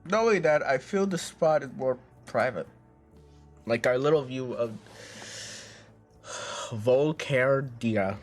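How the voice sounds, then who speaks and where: A man's voice: medium pitch, slow, long pauses, faint music behind. A man streaming, reading a visual novel aloud in a casual way, tripping over words and joking between lines.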